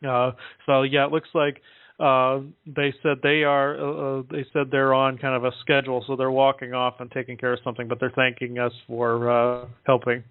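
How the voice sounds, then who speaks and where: Halting man on a tinny phone line. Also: mid-range voice, monotone, clean tone, no room sound. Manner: halting, full of "uh" fillers. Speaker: guest relaying contact reports. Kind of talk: casual call-in talk.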